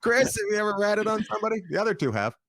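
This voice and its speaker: A man hosting a comedy panel show over video call, teasing his guests with quick asides. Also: high-pitched, sing-song, gravelly, fairly bright tone, slight background noise.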